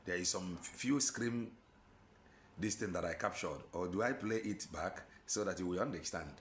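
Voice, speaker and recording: Speaking at normal speed in a low voice, a man with an Igbo Nigerian accent delivers a fervent sermon, pressing rhetorical questions and switching in and out of Igbo. There's slight background noise.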